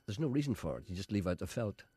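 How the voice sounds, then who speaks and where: A fast-talking man hosts a radio show and swings his pitch wildly while he spins stories. The voice is slightly husky and recorded close and dry at a studio microphone. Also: no echo. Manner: animated storyteller, acting out voices. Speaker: radio host. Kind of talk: casual studio chat and anecdote.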